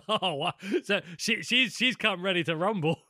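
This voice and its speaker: A man co-hosting a comedy podcast, cutting in with quick teasing quips and often laughing. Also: high-pitched, pushed and bright, no room sound, studio quality. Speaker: podcast co-host. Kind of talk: casual comedic chat.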